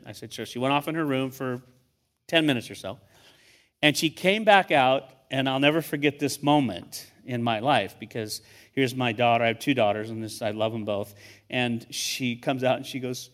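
At a normal speed and medium pitch, with a fairly bright tone, an older guest pastor preaches to a church. His sermon unfolds conversationally, like storytelling, and he tends to repeat words as each new thought begins.

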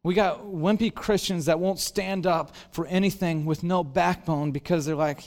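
A man preaching a sermon as a pastor, telling stories with animated acted-out dialogue and self-deprecating humor. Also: high voice, moderate pace, hardly any pauses. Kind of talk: storytelling sermon. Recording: long hall reverb.

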